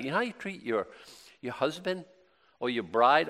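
A man's voice: fairly high pitch, sing-song, brisk, pushed and bright, big-room sound. A middle-aged man preaching a sermon in a conversational way, with plenty of rhetorical questions and repeated phrases.

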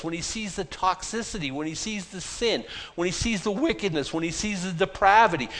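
A man's voice: high voice, normal speed, few pauses. A man with a Boston accent, a pastor preaching an informal, chatty sermon with self-deprecating asides. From Boston, USA. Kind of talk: conversational sermon. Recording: long hall reverb.

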